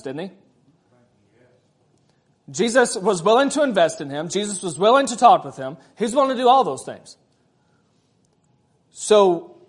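A man preaching a sermon, conversational, with frequent rhetorical questions to the congregation. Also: high voice. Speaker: pastor.

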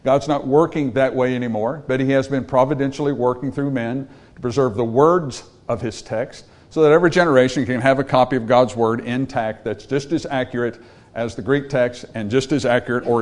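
A man's voice: medium pitch, a little fast, darkish tone. Emphatic man preaching a sermon. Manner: emphatic, repeats words, asks the congregation questions. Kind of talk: sermon with slides.

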